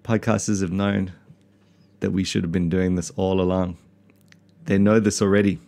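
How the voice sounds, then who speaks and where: A man's voice: sits low, little pitch movement, moderate pace, vocal fry, mellow. A man from South Africa hosting a casual podcast, rambling and self-mocking with lots of fillers and restarts. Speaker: podcast host, pastor.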